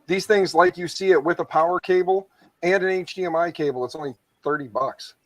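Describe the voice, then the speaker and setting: A man's voice: fairly high pitch, fairly even intonation, a little fast, dry recording. A man in a casual live chat, giving detailed technical explanations of computer hardware. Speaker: guest. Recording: voice from far off the mic.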